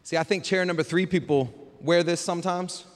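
A man preaching a sermon, his fairly high voice carrying through a long-reverb church hall. He talks in a loose, conversational way and keeps turning rhetorical questions to the congregation. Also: fairly quick. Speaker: pastor. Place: church sanctuary.

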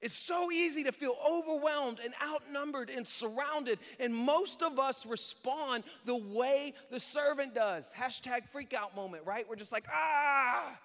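A male pastor delivering a lively, conversational sermon, acting out little dialogues as he goes. His voice sits high for a man. It carries a long reverb from the church hall. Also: unhurried, few pauses. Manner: animated, conversational, acts out quotes.

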